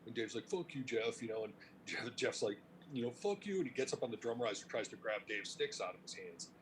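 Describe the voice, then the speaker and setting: A middle-aged man from Cleveland, telling stories in a casual interview, animated and profane, laughing as he talks. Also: lowish voice, fast, slight background noise, poor audio. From Cleveland, United States. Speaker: interview guest, music industry veteran.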